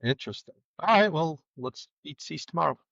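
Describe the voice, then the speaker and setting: A man's voice: a little high, expressive, a little fast, gravelly, a bit bright, no echo, lo-fi sound. A podcast co-host in a casual chat, a man who agrees a lot and rambles with many fillers. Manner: agreeable, chatty, lots of "like" and "yeah".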